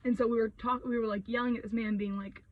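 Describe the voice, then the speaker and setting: A woman of twenty-one telling a story as an animated, profane rant, full of filler "like". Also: fairly high pitch, fast, narrow, tinny audio. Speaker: vlogger. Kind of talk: ranting storytime.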